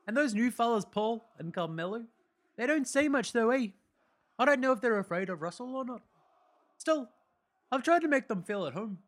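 A man's voice: very high voice, lively intonation, normal speed, long pauses, voice pushed up. A man voicing a laid-back young New Zealand sportsman reading his diary aloud, with a put-on New Zealand accent and a drawl that tacks "eh" and "bro" onto his lines. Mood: easygoing.

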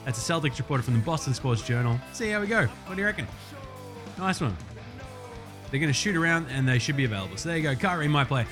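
A young Australian man hosting a casual sports podcast, loose and profane, getting excited over stats. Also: fairly high pitch, fast, over music. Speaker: podcast host.

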